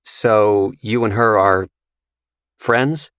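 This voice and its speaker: A man's voice: on the low side, very slow, fairly bright tone, clean tone, no room sound, clean studio sound. A man voicing an awkward, flustered wealthy young college man in an audiobook. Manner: awkward, boyish.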